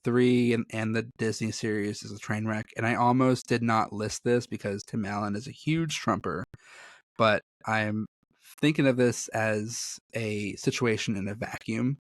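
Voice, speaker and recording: A man's voice: fairly low pitch, steady tone, measured pace, no echo, clean studio sound. A man co-hosting a podcast in casual chat, rambling and self-deprecating, often breaking into laughter. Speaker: podcast co-host.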